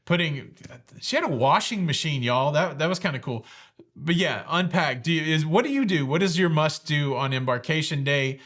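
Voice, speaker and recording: A man's voice: on the high side, lively intonation, normal speed, fairly bright tone. A man hosting a cruise news vlog, chatting casually and rambling straight to his viewers.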